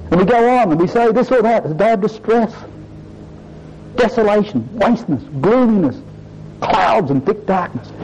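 A man's voice: on the high side, mellow, a little hiss or hum. A man preaching a sermon to his congregation, earnest and emphatic, often addressing them as brothers and sisters. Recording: dull lo-fi recording.

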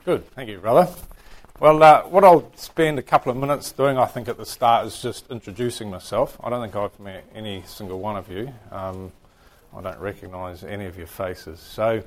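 A man's voice: lowish voice, normal speed. A man with a New Zealand accent teaching a Bible class, chatting and joking with his students. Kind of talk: casual classroom lecture.

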